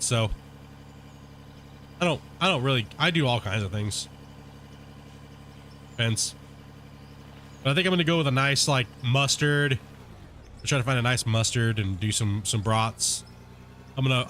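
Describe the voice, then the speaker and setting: Man, game streamer, casual banter with viewers, rambling, medium pitch. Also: a little hiss or hum. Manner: relaxed, rambling, filler-heavy banter. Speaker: gaming streamer. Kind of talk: casual chat with live viewers while playing.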